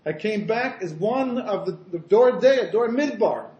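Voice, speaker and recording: A calm old Hasidic rebbe with a mystical air, as a man tells the story. He speaks in a measured, solemn way, and the voice rings through a roomy space. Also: high voice, muffled recording, crowd noise, pitched above the performer's own voice. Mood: revealing. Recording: roomy echo.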